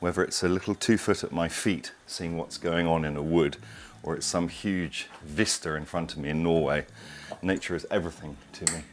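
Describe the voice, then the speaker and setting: A man's voice: deep voice, fairly even intonation, normal speed, few pauses, slight background noise. A middle-aged man, hosting a casual cooking demonstration in his home kitchen, chatty, digressive and enthusiastic. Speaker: cooking show host.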